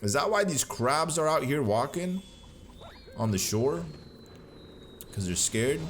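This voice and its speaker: A man's voice: medium pitch, expressive, takes it slowly, pauses often, a bit bright, a little hiss or hum. A man giving casual, joking commentary while playing a video game, full of slang and playful trash talk. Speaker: gaming commentator.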